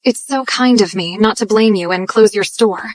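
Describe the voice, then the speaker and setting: A woman's voice: medium pitch, normal speed, lightly acted. An actress playing an arrogant young woman posing as a rich heiress, imperious and scornful, in an English drama dub. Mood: haughty.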